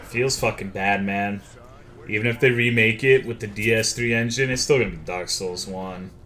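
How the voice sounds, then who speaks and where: A young streamer speaks at a moderate pace in a low-ish voice that sounds pushed and bright, with a little hiss or hum behind it. He jokes, swears often, and reads viewer comments aloud as he chats.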